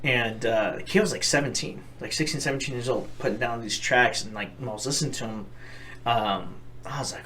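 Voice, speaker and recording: A young man co-hosting a podcast in loose, casual chat. He rambles, swears freely and speaks with earnest feeling, at an ordinary middle pitch. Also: animated, fast talker, fairly bright tone. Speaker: podcast co-host.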